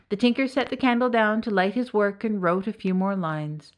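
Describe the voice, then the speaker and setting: A woman narrating a serialized folk tale with lively, expressive storytelling. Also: medium pitch, moderate pace, hardly any pauses. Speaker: narrator and author.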